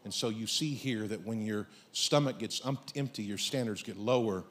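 A man preaching a sermon as pastor, emphatic and comic, breaking into shouted lines. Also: on the low side, normal speed.

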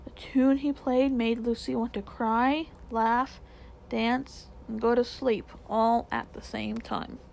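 A woman reading a children's novel aloud in a gentle, measured voice. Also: on the high side, flat delivery, gravelly, a little hiss or hum, poor audio. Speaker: storyteller.

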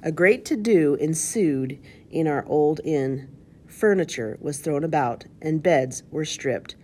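Low-pitched lady reading a kids' storybook out loud, steady, trips on words now and then. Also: takes it slowly. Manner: steady, with occasional slips and restarts. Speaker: reader. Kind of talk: reading a children's storybook aloud.

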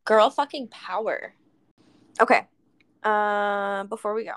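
A woman co-hosting a podcast, reacting with enthusiasm and quick laughter in casual chat. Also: medium pitch, a bit bright, clean tone. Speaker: podcast co-host.

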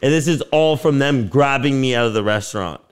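A man co-hosting a podcast, telling stories in an animated, swearing, casual way and acting out what others said. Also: mid-range voice, brisk, smooth. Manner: animated storyteller, swears a lot, acts out quotes. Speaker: podcast co-host. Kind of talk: casual chat.

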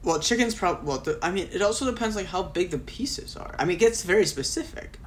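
A man's voice: high voice, lively intonation, a little fast, a little hiss or hum. A young man who hesitates and loses his train of thought in a casual chat.

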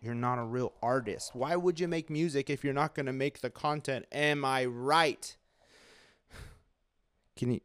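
A man's voice: medium pitch, no room sound. A man in his late twenties hosting a solo podcast from a bedroom home studio, rambling in a sarcastic, self-mocking way. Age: late 20s. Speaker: podcast host.

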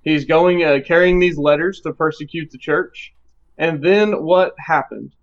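A man leads a Bible study in a relaxed, conversational way, reading scripture aloud and then talking it over. His voice sits a little high for a man. The sound is muffled and lo-fi, like a streamed recording. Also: unhurried. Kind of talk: leading a live Bible study discussion.

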